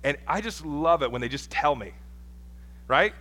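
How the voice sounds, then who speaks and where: A man's voice: fairly high pitch, lively intonation, normal speed, bright, forceful tone. A man in his thirties preaching a sermon in a casual, conversational way, with personal stories and asides. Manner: conversational, self-deprecating preaching with asides and laughs. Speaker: pastor.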